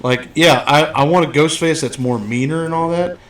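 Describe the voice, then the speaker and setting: In a casual podcast conversation about a movie, the male host speaks at normal speed in a voice on the high side. He comes across blunt and profane, with animated storytelling.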